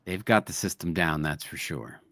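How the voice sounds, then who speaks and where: A man hosting a live online show, reading viewer comments aloud in a relaxed, easygoing way. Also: low voice, moderate pace, no echo. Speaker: host.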